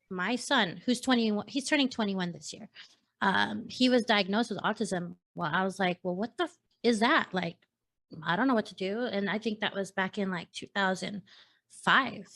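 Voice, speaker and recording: Bright chatty woman hosting a panel, tells stories with lots of energy. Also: medium pitch. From San Diego. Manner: chatty, animated storytelling. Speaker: host. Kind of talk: casual panel chat.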